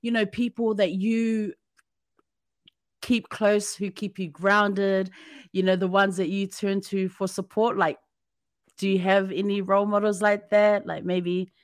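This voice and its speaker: A woman's voice: medium pitch, level tone, a little slow, no room sound, clean studio sound. A woman hosting a podcast, chatting casually and enthusiastically with a guest. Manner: warm, enthusiastic, frequent affirming "mm". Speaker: podcast host. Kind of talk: casual interview chat.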